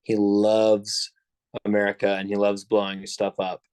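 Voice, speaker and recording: A young man with a lowish voice spins a long, meandering story on a casual podcast. He leans on filler words and restarts his sentences. The sound is dry and close. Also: monotone, unhurried, darkish tone, smooth, no room sound. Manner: rambling, full of "like" and restarts. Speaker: podcast co-host.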